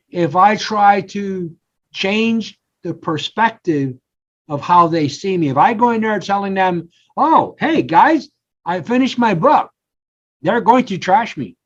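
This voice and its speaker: An older man talks through his own stories with animated energy. He jumps into the voices of the people he quotes. The audio sounds a bit dull and lo-fi. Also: sits high. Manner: animated storyteller, acts out quotes. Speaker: podcast guest, coach. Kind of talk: casual interview talk.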